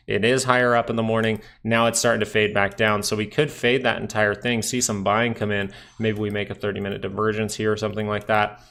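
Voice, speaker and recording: A man's voice: on the low side, vocal fry, fairly bright tone. A man hosting a live stream, casually talking through stock charts and trade setups as he looks at them. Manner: casual, thinking aloud over charts.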